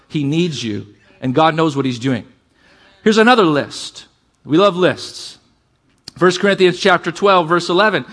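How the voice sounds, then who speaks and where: A man preaching a sermon to a congregation, calling for amens and shifting between fast bursts and slow, quiet emphasis. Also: a little high. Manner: energetic preaching, calls for amens, varies pace and volume. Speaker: pastor.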